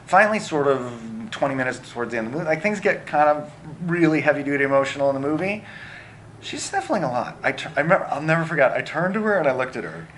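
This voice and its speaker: A middle-aged man, a film director, answering interview questions in an animated way with many fillers and restarts. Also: a little high, fast, slight background noise.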